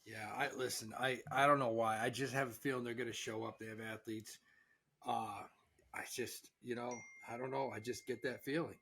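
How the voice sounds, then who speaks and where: A man's voice: mid-range voice, steady tone, normal speed, fairly bright tone, slight background noise. A man hosting a casual sports betting talk show, talking brashly and swearing as he shares gut-feeling picks. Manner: brash, swearing, hedging hunches. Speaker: host.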